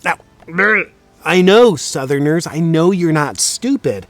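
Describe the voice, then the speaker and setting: A young man hosting a video, delivering a sarcastic comedic monologue in a deadpan, mock-serious way. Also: fairly high pitch, takes it slowly, dry recording, soft background music. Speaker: video host.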